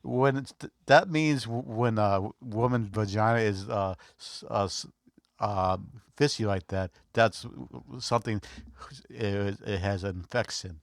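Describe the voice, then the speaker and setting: A man's voice: lowish voice, steady tone, a little slow, creaky, dry recording, clean studio sound. Hesitant, stammering young man. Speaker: podcast guest. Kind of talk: casual chat.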